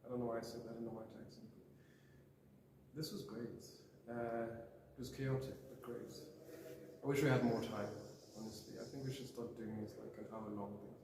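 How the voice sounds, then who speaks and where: A man's voice: mid-range voice, steady tone, moderate pace. A young man, a guest on a podcast, chatting casually in a rambling, self-deprecating way with lots of fillers. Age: young adult. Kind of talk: casual chat. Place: room on a university campus. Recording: echoey room, mic far off, noisy.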